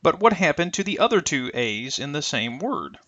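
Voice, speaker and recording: Lively-voiced man teaching pronunciation. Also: a little high, dry recording, lo-fi sound. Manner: careful, deliberate, stretches example sounds. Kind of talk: scripted instructional narration.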